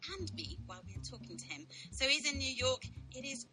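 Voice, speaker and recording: A woman's voice: high voice, fairly quick, low-quality recording. Bubbly radio host lady chatting away, lots of ums, music going under her. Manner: chatty, bubbly, full of fillers. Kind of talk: casual radio chat.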